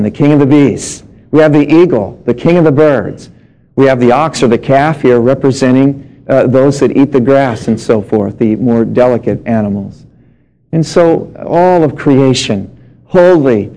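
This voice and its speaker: A man's voice: medium pitch, dark tone, rough recording. A middle-aged male pastor preaching a sermon, reading scripture and telling humorous personal stories.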